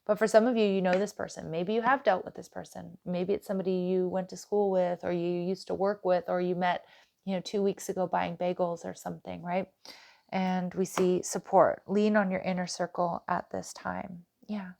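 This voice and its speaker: A woman's voice: fairly low pitch, little pitch movement, normal speed, vocal fry, darkish tone. A woman doing a casual tarot reading for her viewers, chatty and direct, with plenty of "like" and "you know". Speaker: tarot reader.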